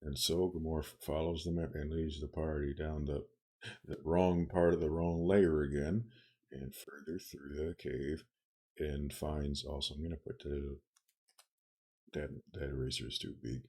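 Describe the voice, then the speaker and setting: A man's voice: rumbling low, fairly even intonation, a little slow, dark tone, breathy edge. A man narrating a tabletop game as game master, playful and rambling as he thinks aloud.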